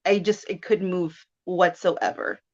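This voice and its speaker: A woman's voice: on the low side, a little slow, lo-fi sound. Chatty woman telling a strange story. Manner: chatty and animated, with laughs and self-quotes. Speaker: guest. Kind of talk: casual storytelling chat.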